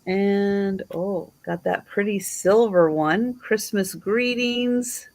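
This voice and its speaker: A woman hosting a live online sale, showing items slowly and admiringly and counting down the bidding. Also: medium pitch, a little mellow. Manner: slow, admiring, auctioneer-style counting.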